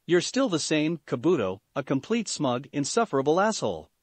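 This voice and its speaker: A bold, blunt young ninja hero, as a man puts him on in a story reading. The voice is lively and fairly high, and it sounds dry and close. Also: moderate pace, breathy edge, no room sound. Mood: defiant. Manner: blunt, insulting.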